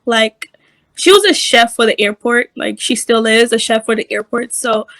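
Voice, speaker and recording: Bright-voiced woman telling lively stories. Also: a little high, normal speed, no room sound. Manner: animated storytelling, acts out quoted voices. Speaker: dancehall dancer, interview guest. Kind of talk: casual interview chat.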